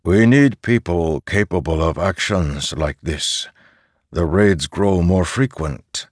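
A man voicing a calm farmer who oversees soldiers in an audiobook; the voice is kindly and soft, and he speaks slowly and reassuringly. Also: low voice, dry recording, clean studio sound. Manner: slow, measured and reassuring. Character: calm middle-aged male farmer overseer, kindly but firm.

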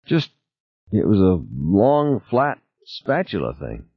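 A man's voice: low-pitched, huge pitch swings, slow pace, breathy edge, no echo, exaggerated voice. A male reader voicing a frightened young female crew member who speaks in a clipped, formal way. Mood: shaken. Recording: tinny phone-like sound.

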